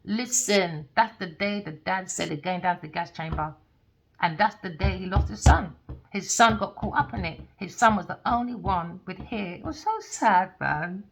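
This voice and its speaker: A woman's voice: mid-range voice, moderate pace, gravelly, low-quality recording. A tarot reader woman ranting in a heated, casual, profane way.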